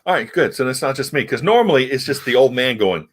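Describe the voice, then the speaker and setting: A man's voice: medium pitch, animated, fast, slightly rough. A middle-aged man from the United States chatting casually about comics, rambling and hesitant but frank. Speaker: comic review host. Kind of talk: casual chat.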